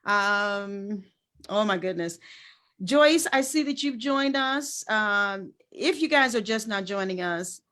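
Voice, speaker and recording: A woman hosts a live-streamed interview and talks to her audience over a video call. She is effusive, with many fillers and hesitations, and speaks at a middling pitch. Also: animated, slow pace, fairly bright tone. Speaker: host.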